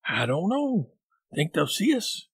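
A man's voice: sits high, huge pitch swings, measured pace, slightly rough, dry recording, pitched above the performer's own voice, full character voice. A jittery boy keeps his voice to an earnest whisper, raised a little above normal speech, and tries to sound braver than he feels, as a man reads him in an audiobook. The sound is close and dry. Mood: nervous hush. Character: nervous boy trying to stay brave.

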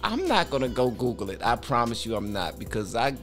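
A man hosting a reaction video, talking in an animated, swearing, exclaiming way. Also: medium pitch, fairly quick, faint music behind. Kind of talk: casual reaction commentary.

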